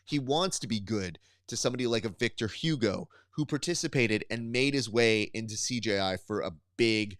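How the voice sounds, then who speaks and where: A man co-hosting a casual podcast, riffing animatedly and pitching ideas with mock appeals to the listener. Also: moderate pace, hardly any pauses, a bit bright, dry recording. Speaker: podcast co-host.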